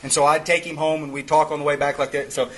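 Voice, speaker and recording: A man's voice: fairly high pitch, level tone, fast talker, low-quality recording. A man speaking at a twelve-step meeting, telling a story in an earthy, rambling way with many restarts. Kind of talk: folksy storytelling talk.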